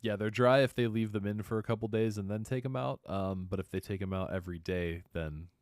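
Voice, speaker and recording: A man's voice: on the low side, brisk, darkish tone, clean tone, no room sound, clean studio sound. A man co-hosting a live stream who reads out viewer questions and chats, with frequent uh and um. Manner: hesitant, lots of uh and um. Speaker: co-host reading viewer questions.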